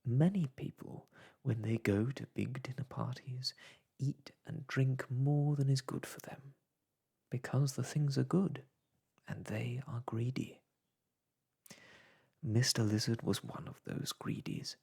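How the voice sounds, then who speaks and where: A storyteller softly whispering an old children's book aloud, in a whispered role-play. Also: medium pitch, unhurried, creaky, breathy edge.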